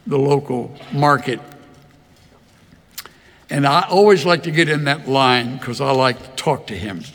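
An older man preaching a sermon, telling folksy stories in a slow, easy drawl. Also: medium pitch, gravelly, a bit bright, in a large hall. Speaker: pastor. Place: large church hall.

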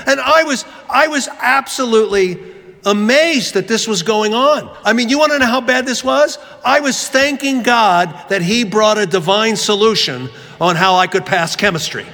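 High-voiced guy preaching, acts out all the voices, big echoey hall. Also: moderate pace. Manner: animated storyteller acting out voices. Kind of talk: sermon storytelling. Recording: long reverb of a large hall.

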